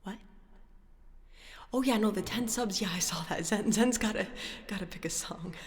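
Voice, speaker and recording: A young woman music streamer chatting casually from home at night, flustered and excitable. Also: mid-range voice, normal speed. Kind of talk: casual live-stream chat.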